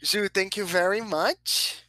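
Woman, host, casual chat, encouraging, mid pitch, dry close sound. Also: sharp tone, no room sound, low-quality recording. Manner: upbeat, encouraging, many quick yeses. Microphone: video call.

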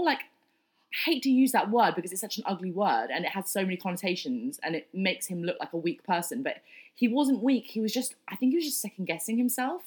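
Blunt woman in her thirties. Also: mid-range voice. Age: 30s. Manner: blunt, profane, animated. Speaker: storyteller. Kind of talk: candid casual storytelling.

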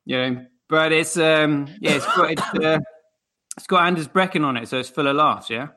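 A man's voice: on the high side, moderate pace, pushed and bright. A British man co-hosting a casual live stream, rambling and laughing as he talks. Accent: British English. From Britain. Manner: laughs between words, rambling. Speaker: co-host of a crypto live stream.

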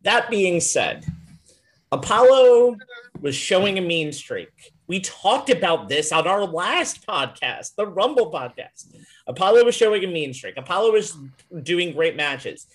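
A man co-hosting a podcast in casual chat, opinionated and animated, laughing often. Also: sits high, unhurried. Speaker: podcast co-host.

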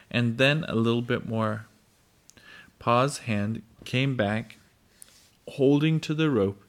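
A man reading a children's storybook aloud, halting and stumbling over words. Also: medium pitch, creaky. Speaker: reader.

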